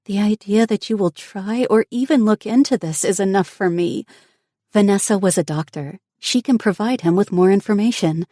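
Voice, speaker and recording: A woman's voice: mid-range voice, moderate pace, mellow, no room sound, clean studio sound, voice pushed up, close to an everyday voice. A woman voicing an anxious young woman who grieves for her ill mother, speaking in an earnest, emotional way. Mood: grateful.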